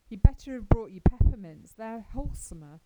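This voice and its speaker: A woman reading aloud as a stern, practical older spinster who scolds briskly but is secretly fond. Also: fairly high pitch, lively intonation, heavy background noise, close to an everyday voice. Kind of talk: audiobook character reading.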